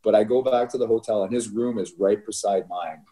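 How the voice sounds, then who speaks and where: A man's voice: on the low side, a little fast. A middle-aged man who coaches youth hockey, telling stories in a casual chat and laughing through them, often tagging "right?" onto his lines. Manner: animated storyteller, laughs through anecdotes, frequent "right?".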